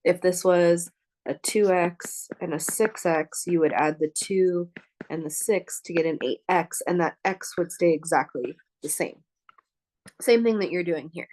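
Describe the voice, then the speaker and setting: A woman's voice: on the low side, a little slow, darkish tone, no echo. A woman professor explaining algebra steps aloud as she writes them out, stopping now and then to check in with her students. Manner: thinks aloud while writing, checks in with listeners. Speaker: math professor. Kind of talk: lecture working problems on a board.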